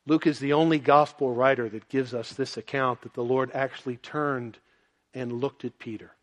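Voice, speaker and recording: A man preaching a sermon, moving between quiet, low passages and loud, emphatic ones. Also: fairly even intonation, moderate pace. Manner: dynamic, swings from soft and low to loud and emphatic.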